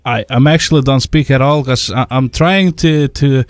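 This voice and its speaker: A radio prankster, a man making a prank phone call with playful, drawn-out flirty teasing. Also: medium pitch, no room sound. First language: Lithuanian.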